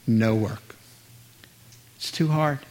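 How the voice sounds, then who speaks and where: A man's voice: mid-range voice, slow, a little mellow. A male preacher delivering a sermon in an earnest, emphatic way, acting out scenes from a Bible story.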